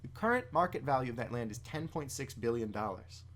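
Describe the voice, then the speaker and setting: Brief: cold, formal banker, read quietly by a man. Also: medium pitch, sing-song, fairly quick, a little hiss or hum.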